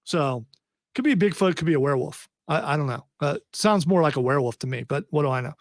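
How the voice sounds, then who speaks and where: A man's voice: fairly high pitch, lively intonation, quick pace, no room sound, clean studio sound. A man hosting a casual podcast, reading a news story aloud with wry, joking asides. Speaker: podcast host.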